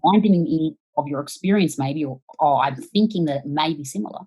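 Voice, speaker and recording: Low, husky-voiced woman guest. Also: a little fast, rough recording. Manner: animated, swears casually, acts out quoted reactions. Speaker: podcast guest. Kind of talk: casual conversational advice.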